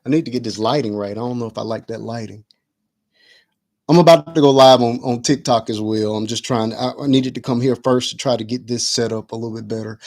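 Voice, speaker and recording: A man's voice: medium pitch, a little fast, darkish tone. A man hosting a casual livestream from his home, chatting and muttering to himself as he adjusts his camera, picked up by the camera mic. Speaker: livestream host. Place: at home, indoors.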